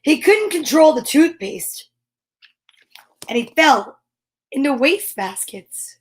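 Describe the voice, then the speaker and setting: A woman reading children's picture books aloud on a live stream, expressive, with gasps and whispered sound effects. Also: sits high, takes it slowly. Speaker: storyteller.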